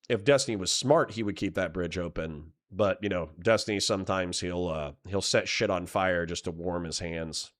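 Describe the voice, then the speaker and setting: A man's voice: low voice, normal speed, few pauses. A man streaming live, rambling and swearing while he comments and reads chat messages aloud.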